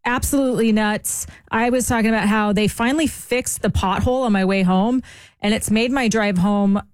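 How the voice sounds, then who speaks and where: A woman's voice: medium pitch, fairly even intonation, normal speed, clean tone, no echo. Upbeat woman radio host, dry studio sound. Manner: upbeat, reads listener texts. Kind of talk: morning radio chat. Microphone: studio mic.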